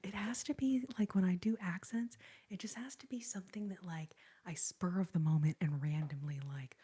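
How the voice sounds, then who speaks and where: A young woman whispers a relaxed ASMR chat right up close to the mic. Her voice is very airy and husky, with a mellow, dark, slightly low tone. She talks in a soft, chatty, giggly way. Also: normal speed. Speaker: ASMR host.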